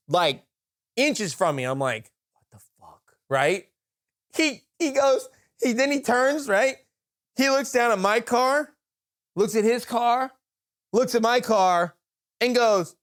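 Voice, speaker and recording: Podcast co-host, a man with a high-pitched voice, swears freely and acts out the dialogue as he tells the story. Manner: profane, animated anecdote with quoted dialogue. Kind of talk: casual storytelling.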